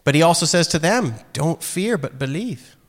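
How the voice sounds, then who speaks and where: A man preaching a sermon in a casual, animated way, acting out quoted lines. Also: fairly high pitch, normal speed. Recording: long hall reverb.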